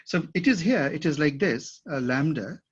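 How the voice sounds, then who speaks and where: A man's voice: on the high side, expressive, moderate pace, slightly rough. A man teaching a class at a whiteboard, thinking aloud and often checking that his students follow. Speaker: instructor. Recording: dull lo-fi classroom recording.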